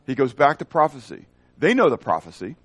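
Lively preacher quizzing his congregation. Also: medium pitch, a little fast, no room sound. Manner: animated, asks the congregation questions; acts out dialogue in shifting voices. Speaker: pastor. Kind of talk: expository sermon.

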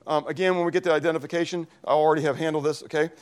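A Pennsylvania pastor preaches in church with a slightly high, steady, smooth voice at a very fast clip. He reads scripture and explains Greek words in a teaching style, checking in with the congregation through frequent "okay?"

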